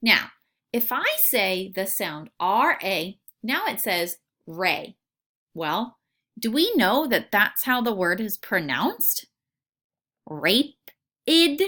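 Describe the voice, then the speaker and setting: A woman teacher leads a recorded phonics lesson for young children. Her voice is bright and clear, sits a little high, and her pitch rises and falls a lot. She takes her time, sounding each word out patiently. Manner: patient, sounds out words slowly, asks questions aloud.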